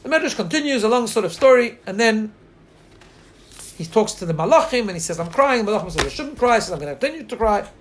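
A man teaching a Torah text, reading Hebrew lines and translating them earnestly, slowing down to stress the text. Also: high voice, very animated, slight background noise. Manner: slows and lifts his voice when reading lines.

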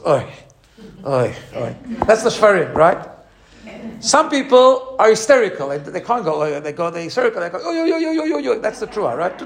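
A man teaching a lively religious lesson. He imitates sounds as he explains and often restarts his phrases. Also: high voice. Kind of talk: teaching talk.

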